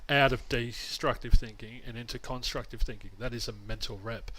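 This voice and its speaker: A man's voice: medium pitch, steady tone, brisk, sharp tone, a little hiss or hum. A man co-hosting a casual podcast chat, blunt and swearing casually. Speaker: podcast co-host.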